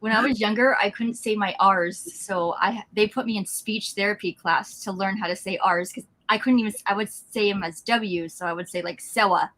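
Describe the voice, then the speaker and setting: Woman on a live stream, mid pitch, easygoing rambly chat. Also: moderate pace, hardly any pauses, fairly bright tone, rough recording.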